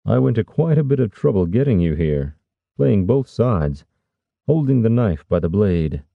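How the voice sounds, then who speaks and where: A man's voice: on the low side, very animated, normal speed, vocal fry, no room sound, narrow, tinny audio, heavily acted. A man voicing a sly, scheming older lord with a wry, scoffing manner.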